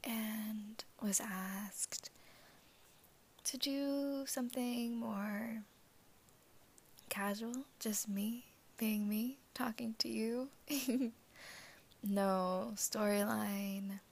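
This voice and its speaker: A woman's voice: fairly high pitch, fairly even intonation, extremely slow, long pauses. A woman in a groggy morning voice who has just woken up, giggling often as she talks in a whispered, casual chat with listeners as an ASMR host. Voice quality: raspy. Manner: giggly, laughs often between phrases.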